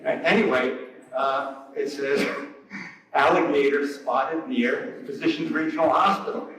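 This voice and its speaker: Jokey storytelling preacher in an echoey room. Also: male voice, fairly high pitch, a little slow, fairly bright tone. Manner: jokey anecdotal storyteller, laughs at his own jokes, mock outrage. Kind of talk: storytelling sermon. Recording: echoey, from far off the mic.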